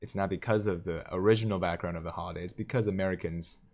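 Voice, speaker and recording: A man's voice: low voice, fairly even intonation, fast, darkish tone. A man hosting a live stream, casually reading viewer comments aloud and joking, with frequent chuckles. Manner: jokey, chuckles often between comments. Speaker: livestream host.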